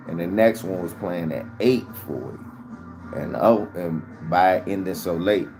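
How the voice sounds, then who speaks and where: Low-voiced man telling a frantic story. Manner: animated storytelling with heavy profanity. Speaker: vlogger. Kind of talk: casual storytime.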